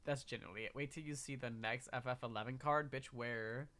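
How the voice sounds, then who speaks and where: A streamer chatting casually on a live stream, excitable and profane, swinging from low mutters to squeals. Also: fairly quick.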